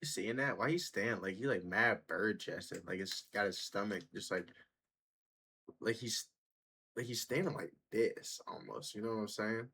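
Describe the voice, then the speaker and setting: A man reacts casually to clips on camera, with a husky, slightly rough voice. He talks in loose, blunt, profane slang and keeps it laid-back even when he's fired up. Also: lowish voice, moderate pace. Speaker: reaction video host.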